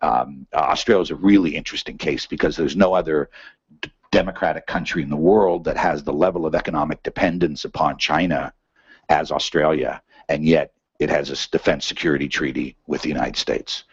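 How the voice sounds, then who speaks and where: Very deep husky man lecturing. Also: steady tone, fairly quick, dry recording. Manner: conversational, many fillers and "right?" checks. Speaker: seminar speaker. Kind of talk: academic lecture. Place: seminar room. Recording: dull muffled lecture recording.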